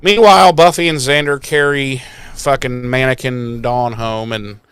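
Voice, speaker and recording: A man co-hosts a podcast in a loose, rambling recap full of swearing and asides. His voice is smooth and clear at a middle pitch. He talks in an easygoing, conversational way. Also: fairly even intonation, a little slow, a bit bright, no echo. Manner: profane, rambling, laughing. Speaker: podcast co-host. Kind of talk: casual episode recap.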